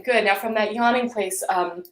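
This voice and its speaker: A woman coaching a vocal warm-up, talking listeners through each exercise in a gentle, encouraging way. Her voice sits at an ordinary middle pitch for a woman. The room adds a noticeable echo around her. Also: moderate pace. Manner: gentle, encouraging guidance with hums and sung syllables. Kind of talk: live-streamed vocal warm-up instruction. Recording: roomy echo.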